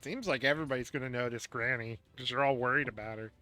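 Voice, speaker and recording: Male game master, casual and chatty, bright forceful tone, soft music under him. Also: medium pitch, fast. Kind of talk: narrating a tabletop game.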